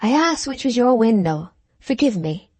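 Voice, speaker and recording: A woman's voice: on the high side, very animated, normal speed, darkish tone, no room sound, voice pushed up. A woman voicing a timid young woman in an audiobook, speaking in a tremulous, faltering, pleading way. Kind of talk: audiobook character reading.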